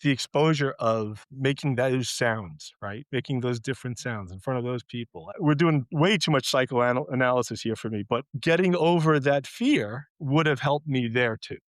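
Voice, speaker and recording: A man's voice: medium pitch, normal speed, hardly any pauses, no echo. A man with a Long Island accent, a guest in a reflective interview, speaking candidly and self-deprecatingly with frequent restarts. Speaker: guest, writer.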